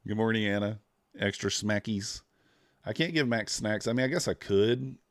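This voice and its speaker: Brief: young man, very low voice, sleepy and laid-back, dry close mic, live trading stream. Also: moderate pace, no echo. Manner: laid-back, drawling, greets chat viewers. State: tired, yawning. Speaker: futures trader streaming live. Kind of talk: casual live-stream commentary.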